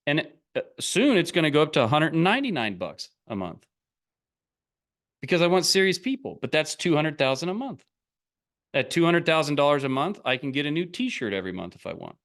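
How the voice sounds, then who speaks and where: A man's voice: on the high side, very animated, fairly quick, a bit bright. A middle-aged man coaching on online business in a blunt, rambling, casual motivational talk, often breaking into laughs.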